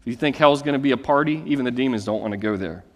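A man preaching a sermon, reading scripture and then explaining it in a lively, conversational storytelling way. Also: medium pitch, very fast, big-room sound. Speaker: pastor.

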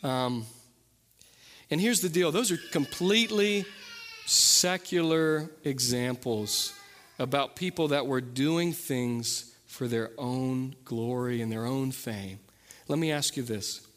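A man preaching a sermon as pastor, earnest, often dropping to a soft, intense voice on key points. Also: medium pitch, slow, long reverb tail.

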